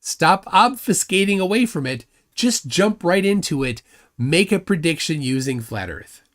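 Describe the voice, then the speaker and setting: A man's voice: a little high, sing-song, a little slow, fairly bright tone. A man hosting a live stream, arguing combatively and mocking his opponent while reading chat comments aloud. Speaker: livestream host.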